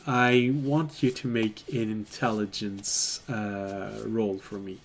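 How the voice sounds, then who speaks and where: A man narrating a tabletop game as game master, deliberate and quick to laugh. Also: lowish voice, flat delivery, a little hiss or hum.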